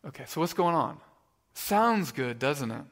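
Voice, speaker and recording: A man preaching a sermon in a conversational way, often stumbling over and repeating his words, and telling stories with animated energy. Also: a little high, a little slow, big-room sound. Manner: conversational, stammering restarts, animated storytelling. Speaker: pastor. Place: church sanctuary.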